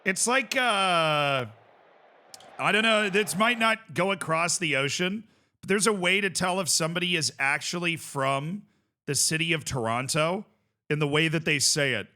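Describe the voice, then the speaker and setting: A man streaming a football management game, chatting casually and reacting loudly to the play. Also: a little high, moderate pace. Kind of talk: casual gameplay commentary.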